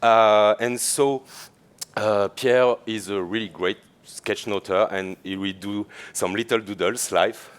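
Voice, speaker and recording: A man with a French accent giving a conference talk on stage, chatty and quick to laugh, with lots of fillers. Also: on the low side, fairly even intonation, clear, resonant tone. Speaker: conference speaker.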